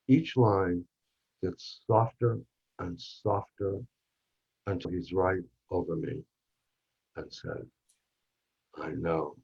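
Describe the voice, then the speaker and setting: A man in a workshop reading, playing a narrator who recalls a charged night with a film actor, telling it intimately and dropping to a hush at tense moments. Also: lowish voice, gravelly, husky, full character voice. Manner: intimate, drops to hushed tones for tense moments. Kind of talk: dramatic monologue reading. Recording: dull lo-fi recording.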